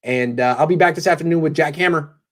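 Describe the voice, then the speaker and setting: Brisk, opinionated male sports host. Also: on the high side. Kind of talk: casual live sports talk.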